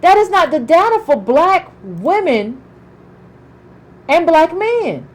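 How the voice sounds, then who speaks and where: A woman's voice: very high voice, very animated, slow pace, low-quality recording. A middle-aged woman giving political commentary in an emphatic way, repeating herself and asking pointed questions.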